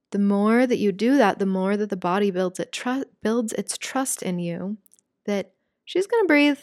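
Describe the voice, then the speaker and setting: A young adult woman teaching a guided breathwork lesson, calm and soft-spoken, then candid and casual as she explains. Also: mid-range voice, normal speed, dry recording, studio quality.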